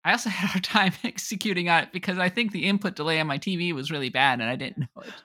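Bright-voiced podcaster, wry and measured. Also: mid-range voice. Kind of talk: casual chat.

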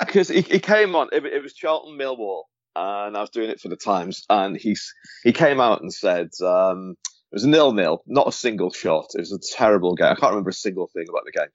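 A lower-voiced man rattles through stories at a quick clip, stumbling over his own restarts as he goes. The sound is dry and a little dull and lo-fi. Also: expressive, no room sound. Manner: rambling storyteller with many restarts. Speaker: podcast co-host, former football journalist. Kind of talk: casual chat, anecdote telling.

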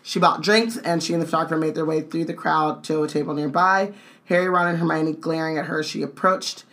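A woman's voice: sits low, fairly even intonation, fairly quick, fairly bright tone. A woman co-hosting a casual read-along stream, reading book dialogue with playful jokes and asides.

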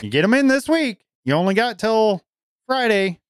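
Middle-aged male podcast host, clear and lively, enthusiastic, dry close mic. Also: high-pitched, normal speed, no room sound. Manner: enthusiastic, repeats words when starting sentences. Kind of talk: casual podcast chat.

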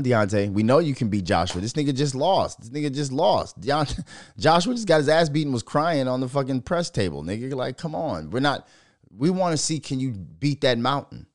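A man from Minnesota hosting his own podcast, talking casually, swearing a lot and riffing into animated rants. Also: a little high, fairly quick, no echo, studio quality. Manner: profane, animated, riffing and ranting. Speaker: podcast host. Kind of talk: casual solo podcast rant.

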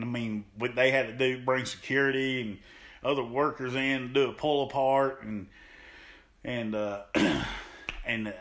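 A man, a pro wrestler, animatedly telling stories as a podcast guest and acting out what people said. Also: mid-range voice. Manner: animated, acts out quotes, laughs often. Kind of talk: storytelling in an interview.

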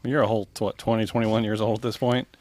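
A man's voice: lowish voice, little pitch movement, quick pace, a little mellow. A man co-hosting a podcast, asking brief probing questions. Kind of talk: interview questions.

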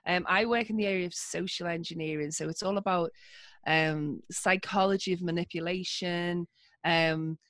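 A woman's voice: fairly low pitch, fairly even intonation, moderate pace, a bit bright, dry recording. A woman with a Liverpool accent, a podcast guest telling stories in a chatty way, laughing often and filling gaps with ums. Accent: Liverpool (Scouse). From Liverpool, England. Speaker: podcast guest, social engineer. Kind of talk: casual interview storytelling.

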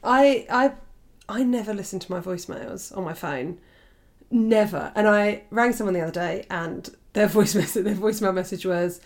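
A woman's voice: mid-range voice, normal speed, darkish tone. Woman on a video call, teasing and giggly, just chatting. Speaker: podcast co-host. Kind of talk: casual chat.

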